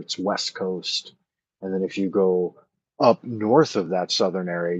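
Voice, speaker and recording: Low and husky, this man's voice drifts through a relaxed late-night stream as he answers viewers, thinking aloud and plugging gaps with "uh." The sound is dull and muffled in a lo-fi way, with no room sound at all.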